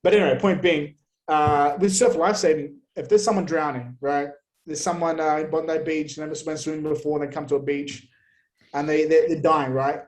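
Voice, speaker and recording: A man's voice: on the high side, normal speed, low-quality recording. A man, a podcast guest, talking bluntly in a casual interview and swearing often. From Australia. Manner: blunt, heavy swearing, animated rants.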